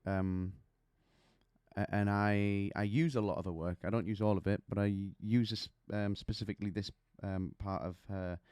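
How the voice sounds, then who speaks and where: A man's voice: fairly low pitch, steady tone, normal speed, a little mellow, smooth, no room sound, studio quality. A man teaching singing technique, chatty and explaining with demonstrations and little stories. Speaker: vocal coach. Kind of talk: singing lesson to camera.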